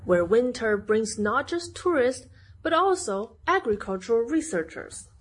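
A woman correspondent reading a scripted news report in a measured, even way. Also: on the high side.

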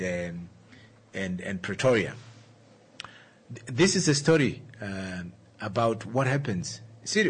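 Male talk-radio host from Namibia, husky and lively, with frequent fillers and rhetorical questions. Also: fairly low pitch. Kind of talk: radio talk show monologue.

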